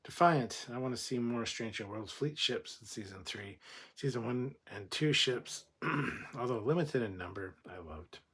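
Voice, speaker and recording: A man's voice: mid-range voice, lively intonation, a little slow, fairly bright tone, husky. A man hosting a casual livestream, reading chat comments aloud and giving blunt, opinionated replies with plenty of swearing.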